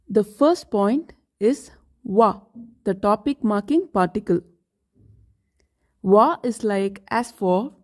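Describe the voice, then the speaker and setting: Female teacher, unhurried and mellow, reading a careful lesson script. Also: medium pitch. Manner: slow, careful explanations with example phrases. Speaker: Japanese language teacher.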